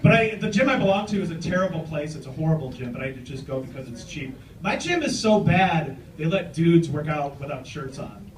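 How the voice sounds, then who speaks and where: A man in his forties doing a stand-up set on a club stage, brash, with loud punchlines and banter with the crowd. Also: a little high, lively intonation, a little fast, few pauses, recorded from a distance. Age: 40s. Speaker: stand-up comedian. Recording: roomy club with crowd laughter. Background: audience laughing.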